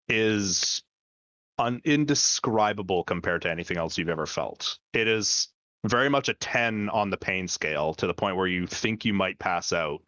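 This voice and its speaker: A man with a low voice narrates a tabletop game as its dungeon master, piecing his descriptions together with fillers and restarts. The sound is dry and dull, with little room in it. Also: fairly bright tone, no echo.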